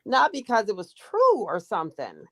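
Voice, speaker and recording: A woman's voice: medium pitch, huge pitch swings, moderate pace. A woman co-hosting a casual reality TV recap chat, backing the others up and adding dry, sarcastic asides. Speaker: recap show co-host.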